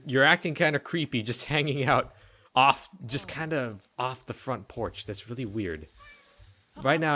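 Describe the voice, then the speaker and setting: Male let's play host, bright voice, jokey rambling commentary, faint music behind. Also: medium pitch. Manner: joking, rambling, talking to game characters. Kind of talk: casual gameplay commentary.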